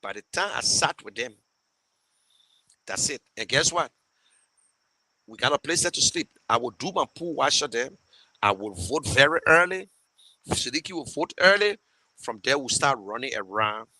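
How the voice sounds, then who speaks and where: A man with a Liberian English accent talks casually to his viewers as host, in a bright, forceful voice. He is emotional and rambling, circling back and restarting often. The sound is close and dry, with no room around it. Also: mid-range voice, expressive, normal speed, pauses often, no room sound, poor audio. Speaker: show host fundraising for a campaign. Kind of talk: casual live talk to viewers.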